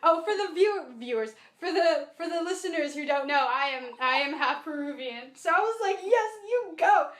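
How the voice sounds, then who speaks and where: Woman, podcast co-host, high voice, animated chatty book talk, echoey room. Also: moderate pace, hardly any pauses. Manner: chatty, animated, many fillers. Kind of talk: casual book discussion.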